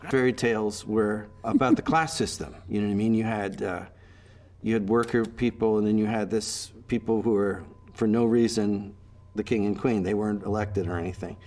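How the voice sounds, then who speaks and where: This is a middle-aged man, telling stories in an interview. He talks in a relaxed, rambling way and fills pauses with "uh." His voice sits a little low. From Canada. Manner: chatty storyteller, many fillers. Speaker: actor being interviewed. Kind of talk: anecdotal interview talk.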